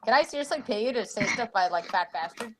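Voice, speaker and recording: A woman chatting on a stream with quick, joking banter. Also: on the high side, expressive, a bit bright, rough recording.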